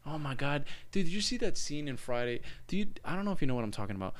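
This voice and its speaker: Excitable swearing young man, lively pitch. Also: very fast, no room sound. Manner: excitable, swears often, bursts into loud mock voices. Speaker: podcast co-host. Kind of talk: casual chat.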